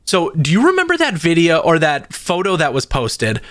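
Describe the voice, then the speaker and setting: A man with a slightly high voice co-hosts a casual podcast and tells stories with lively jumps in pitch. He sounds close to the mic in a dry, dead room. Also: normal speed, no room sound. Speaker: podcast co-host. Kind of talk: casual chat.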